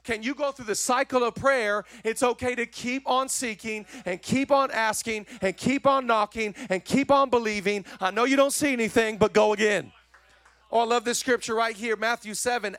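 A man preaching a sermon with a notably high voice, pressing the same encouragement again and again. He slips easily into chatty, joking asides. The sound is close and dry. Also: moderate pace, no room sound. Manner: energetic, repetitive exhortation. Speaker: pastor.

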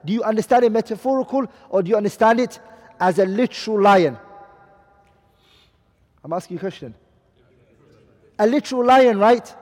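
A man's voice: sits high, a little mellow. A man teaching a class, who keeps asking his students questions and repeats each Arabic term with its English meaning. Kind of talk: classroom lecture. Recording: long hall reverb.

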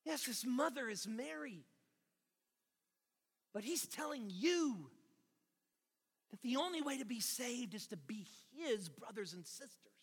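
A man preaching a sermon as pastor, talking emphatically and building to loud shouts. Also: extremely high pitch, sing-song, measured pace, pauses often, husky. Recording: long reverb of a large hall.

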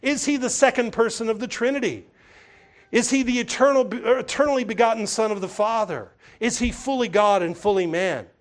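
A man's voice: very high-pitched, brisk. A middle-aged man preaching a sermon in a church, emphatic and full of rhetorical questions, often repeating his words. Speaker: pastor.

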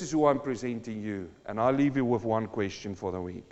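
A man preaching a sermon as pastor, moving between low, earnest talk and loud, fervent declarations. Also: brisk, few pauses, big-room sound, lo-fi sound. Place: church.

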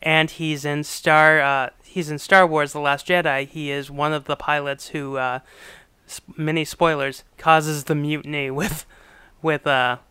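Movie podcast guy, bright crisp voice, kinda high, laughs a lot. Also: flat delivery, unhurried, no echo. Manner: enthusiastic, laughs while talking. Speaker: podcast co-host. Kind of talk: casual film discussion.

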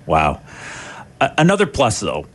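Male morning radio co-host, lower voice, pitch jumps all over, jokey and animated. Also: a little slow. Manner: animated, laughs at his own jokes. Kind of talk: joking morning radio banter.

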